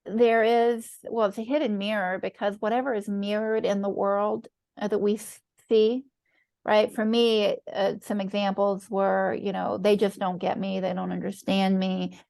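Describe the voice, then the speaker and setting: A woman's voice: medium pitch, little pitch movement, moderate pace, creaky, a little mellow, dry recording, clean studio sound. A middle-aged woman teaching an online master class as a coach, talking earnestly and checking in with "right?" often. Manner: earnest, affirming, frequent "right?" check-ins.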